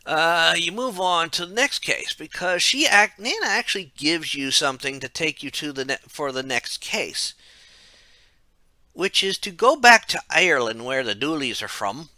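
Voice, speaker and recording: Man, game reviewer, casual rambling narration, bright voice, self-corrections. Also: on the high side, animated, moderate pace, no echo.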